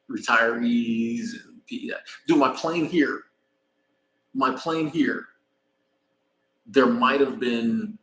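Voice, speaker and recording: A man's voice: mid-range voice, fairly bright tone. A man in a casual, loose chat, answering viewers' comments as he talks and laughing often. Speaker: vlogger answering live chat. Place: echoey room. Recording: echoey room sound.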